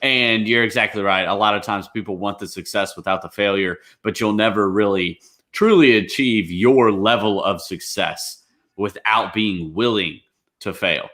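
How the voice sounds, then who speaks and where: A man's voice: lowish voice, moderate pace, pushed and bright. A man on a sports panel, talking casually in an emphatic, earnest way.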